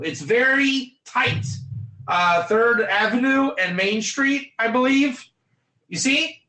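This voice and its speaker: A man's voice: very high voice, animated, slow, bright, forceful tone, roomy sound, low-quality recording. A man, a rabbi, teaching an online class, acting out little scenes and calling on students to type their answers. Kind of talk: lively online Torah class.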